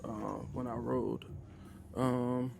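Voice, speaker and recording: A man's voice: mid-range voice, flat delivery, takes it slowly, vocal fry, music in the background. Casual man running a tabletop game. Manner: casual, sighing, muttering to himself. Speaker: game master. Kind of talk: solo tabletop game narration.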